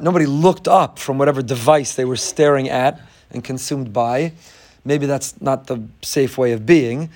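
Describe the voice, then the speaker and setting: A middle-aged man, a rabbi giving a Torah class, telling stories with animation and jumping high when acting out other people. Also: a little mellow.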